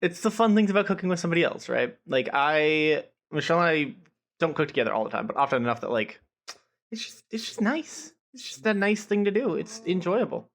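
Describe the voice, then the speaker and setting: A man's voice: big pitch swings, a little fast, vocal fry, fairly bright tone. A young man from Pennsylvania co-hosting a casual podcast, playful and teasing. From Erie, Pennsylvania. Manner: playful, teasing, drops voice low for jokes. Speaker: podcast co-host. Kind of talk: casual chat.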